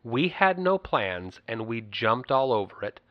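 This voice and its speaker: A man chats easily and tells stories, stretching his phrases out as he goes. His voice sits in a middle pitch. The recording is dry with no room sound, and slightly dull and muffled. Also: very animated, no echo. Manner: chatty, storytelling, drawn-out phrases. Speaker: podcast co-host. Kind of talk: casual chat.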